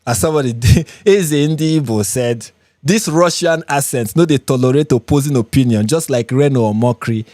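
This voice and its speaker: A man's voice: medium pitch, normal speed, warm tone, dry recording, studio quality. A man with a Nigerian accent hosting a live reaction stream, reading viewer comments aloud and commenting on them emphatically, often repeating phrases for effect. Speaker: livestream host.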